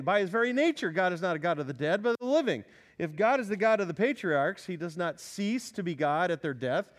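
A pastor preaches an expository sermon, putting questions directly to the congregation and building to forceful declarations. His voice sits high and is animated and fairly quick.

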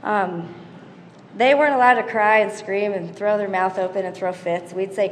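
A woman's voice: mid-range voice, normal speed, slight background noise. A woman giving parenting advice to a live audience in a casual, chatty way, acting out scenes and quotes as she goes. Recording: echoey hall with long reverb.

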